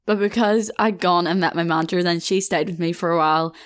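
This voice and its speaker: Young woman yapping through a storytime, lowish voice, laughs at herself a lot. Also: fairly even intonation, a little fast. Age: young adult. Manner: chatty, self-mocking, often laughing mid-sentence. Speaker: podcast host. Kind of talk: casual storytime monologue.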